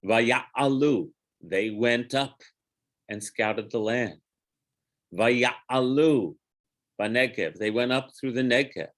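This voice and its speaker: A rabbi leading an informal Torah study class, talking through the text in a digressive way, chanting Hebrew phrases slowly and stopping to correct himself. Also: male voice, mid-range voice, fairly bright tone.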